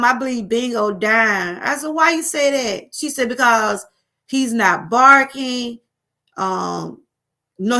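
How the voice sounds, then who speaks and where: Southern lady going live, kinda high voice, rambles and repeats herself, says y'all a lot. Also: sharp tone. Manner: rambling, repetitive, addresses viewers as y'all. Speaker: livestream host. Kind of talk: casual live-stream chat.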